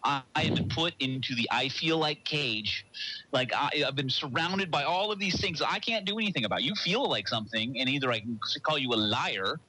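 A man's voice: medium pitch, lively intonation, fairly quick, noisy background. A man co-hosting a relationship talk show, chatting casually and explaining his feelings through examples. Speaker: podcast co-host. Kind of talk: casual chat.

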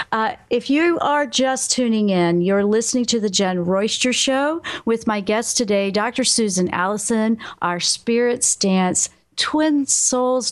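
A woman hosting a radio talk show, chatting casually and responding encouragingly to her guest. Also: medium pitch.

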